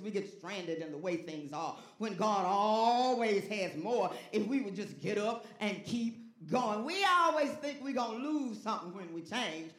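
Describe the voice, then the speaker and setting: Animated preacher in an echoey sanctuary. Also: medium pitch, moderate pace, few pauses. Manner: call-and-response preaching, swinging between hushed and shouting. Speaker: pastor. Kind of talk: sermon.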